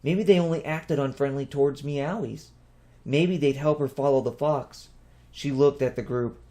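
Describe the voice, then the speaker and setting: Casting: male audiobook narrator, mid-pitched, steady plain storybook reading. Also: moderate pace.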